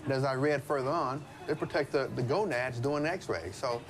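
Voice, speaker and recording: A man's voice: mid-range voice, moderate pace, music in the background. A middle-aged American man, a father on a documentary, chatting flirtily and with showy self-satisfaction. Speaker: father on a family-swap documentary. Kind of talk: playful chat on camera.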